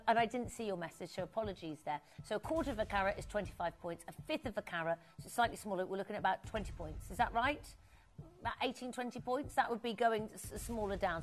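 A woman hosting a live shopping channel, her voice pitched a little high. She gushes with exclamations and chats warmly with viewers as she sells gems. Faint music plays underneath. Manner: gushing, exclamatory, chatty with viewers. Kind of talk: live TV jewelry selling.

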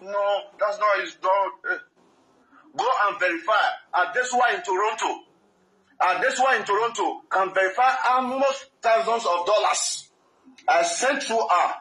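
A Nigerian man tells his own story in English and Pidgin, insistent and earnest, begging listeners to verify what he says. His voice sits high for a man, with a bright, cutting edge. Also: normal speed, poor audio. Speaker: guest telling his story.

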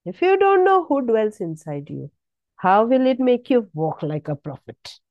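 A woman's voice: on the high side, sing-song, unhurried, no room sound, phone-quality sound. A woman preaching a sermon, exhorting with emphatic repetition and sudden rises in her voice.

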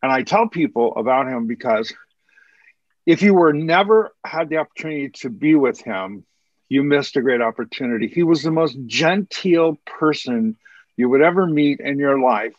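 A man's voice: on the high side, dry recording. Earnest, preachy man on dull call audio. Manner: earnest, preachy, rambling with restarts and laughs. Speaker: podcast co-host, hair color educator. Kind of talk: casual podcast chat.

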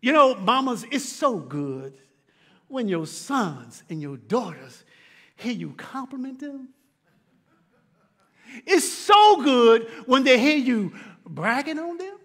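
A middle-aged man preaches from the pulpit, his pitch leaping and falling with wide expression. He builds to shouts, then drops to hushed, low lines. His voice is high for a man, and a long church-hall reverb trails after it. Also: sing-song, slow pace, pauses often. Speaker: pastor. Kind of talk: sermon. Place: church sanctuary.

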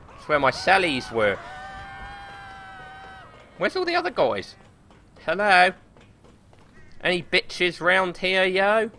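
A young man streaming a game live, commentating excitably with frequent swearing and laughter into a desk or headset microphone. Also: high voice, takes it slowly, pauses often, a little hiss or hum. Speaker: gaming streamer.

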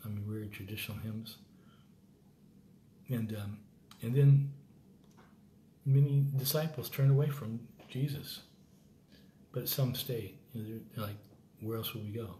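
With a warm, medium-pitched voice, an American man reads and comments on the Bible at a measured pace, leaving long pauses. He's earnest and casual, rambling and breaking off to start over. The recording has room echo and faint background noise.

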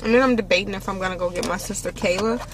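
A woman vlogs from inside her car on a handheld camera and rambles through her day in easy, self-deprecating chat. Her pitch sits right in the middle, and clear car and road noise runs under her voice. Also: racing. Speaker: vlogger. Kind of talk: casual vlog chat. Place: inside a car while driving. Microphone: handheld camera or phone.

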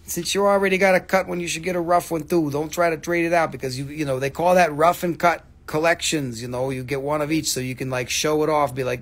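Gravelly dude selling rocks on a live stream, kinda high voice, cracking jokes and cussing. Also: male voice, fast talker, few pauses. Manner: joking, profane, animated. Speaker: livestream rock seller. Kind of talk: live sales stream, casual chat.

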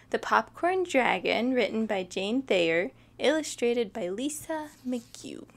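A woman's voice: a little high, creaky, a bit bright. A young woman reading a children's book aloud, chatting with her listeners between pages. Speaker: storytime reader.

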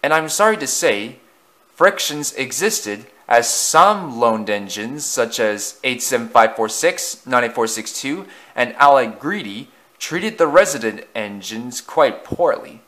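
A man narrating a children's railway story in a gentle, measured way. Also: mid-range voice, lively intonation.

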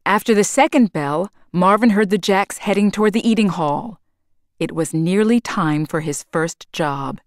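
A woman's voice: mid-range voice, dry recording, clean studio sound. A woman, a teacher, reading a children's storybook aloud in a careful way. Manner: slow, careful read-aloud.

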